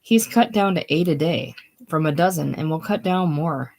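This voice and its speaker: A bossy, motherly older woman who fusses and gives orders, read by a woman in a casual play reading. The voice is low-pitched for a woman. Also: lively intonation, moderate pace, gravelly, a little mellow, a little hiss or hum. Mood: fussing. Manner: bossy, fussing.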